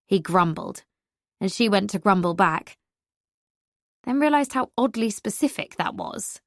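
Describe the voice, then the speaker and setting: A woman reading an audiobook narration in a wry, even storytelling manner. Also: mid-range voice, unhurried, pauses often, no room sound, studio quality.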